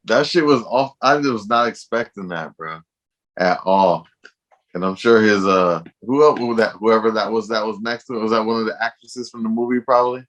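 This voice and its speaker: Low-voiced man in laid-back podcast chat. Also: moderate pace, fairly bright tone, lo-fi sound. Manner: laid-back, profane slang. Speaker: podcast co-host. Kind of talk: casual chat.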